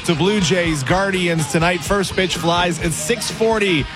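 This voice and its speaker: A man's voice: high-pitched, measured pace, music in the background. A man hosting sports talk radio from a studio, with an upbeat announcer delivery. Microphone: studio microphone.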